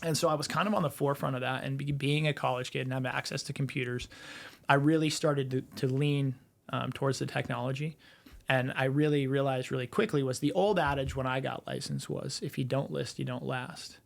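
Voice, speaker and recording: A man in his forties tells his story on a casual podcast, his voice carrying a gravelly edge. He rambles through it, with plenty of fillers and restarts along the way. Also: mid-range voice, fairly even intonation, a little fast. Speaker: podcast guest, real estate entrepreneur.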